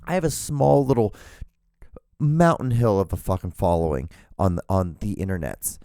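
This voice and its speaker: A man's voice: low-pitched, normal speed, creaky, warm tone, smooth, dry recording, studio quality. A man hosting a solo podcast, rambling and ranting with lots of swearing and restarts. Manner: rambling and profane, rants with frequent restarts. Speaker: podcast host.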